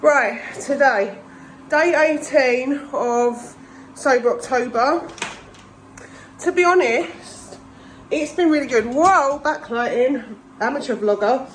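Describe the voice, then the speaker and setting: A woman's voice: slow pace, a little hiss or hum, low-quality recording. Chatty middle-aged woman, a bit breathless. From England. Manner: chatty, rambling, talks to her cats in a high sing-song. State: slightly out of breath from a chest infection. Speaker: vlogger. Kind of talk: casual vlog chat. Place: home kitchen indoors.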